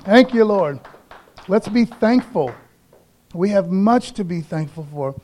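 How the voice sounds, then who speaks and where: A man's voice: sits high, expressive, slow, mellow. A middle-aged male pastor preaching a sermon in a loose, conversational way, often tagging lines with "man" and "okay".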